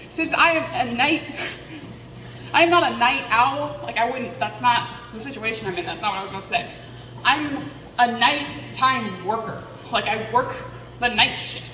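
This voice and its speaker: A woman's voice: fairly high pitch, a bit bright, echoey room, big-room sound, a little hiss or hum, poor audio. A woman vlogging into a headset mic, rambling candidly and poking fun at herself as she thinks aloud. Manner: chatty, self-deprecating, thinks aloud.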